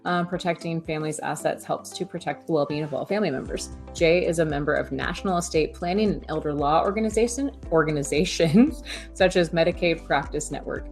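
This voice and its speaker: A woman's voice: fairly low pitch, a little mellow. A woman hosting an online event, introducing a speaker in a bubbly, giggly way. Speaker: event host. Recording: faint music behind.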